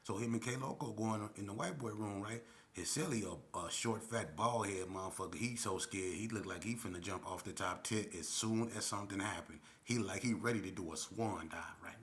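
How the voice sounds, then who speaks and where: Low-voiced man telling a street story. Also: normal speed, hardly any pauses, fairly bright tone. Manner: slangy, street talk with frequent "you know what I'm saying". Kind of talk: casual storytelling.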